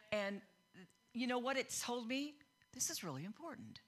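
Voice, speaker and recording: Bright-voiced woman preaching a lively sermon. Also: a little high, unhurried, pauses often. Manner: animated, acts out quoted voices, gets loud and excited. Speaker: pastor.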